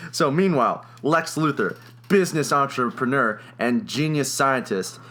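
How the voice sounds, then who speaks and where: A young man co-hosts a casual comedy podcast, walking through a movie plot in his own rewrite. His voice is bright and pushed forward, and he laughs easily while he talks. He fills gaps with ums and uhs as he goes. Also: medium pitch. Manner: chatty, laughs often, many fillers. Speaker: podcast co-host.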